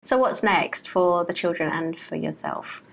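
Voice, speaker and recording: A woman hosting an interview, asking friendly, quick follow-up questions. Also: on the low side, gravelly, low-quality recording. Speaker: interviewer, host. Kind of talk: casual interview.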